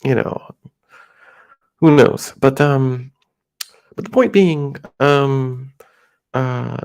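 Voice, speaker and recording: A middle-aged American man talking casually in a rambling, halting monologue with many restarts. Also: mid-range voice, creaky, a little mellow, clear, resonant tone. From United States.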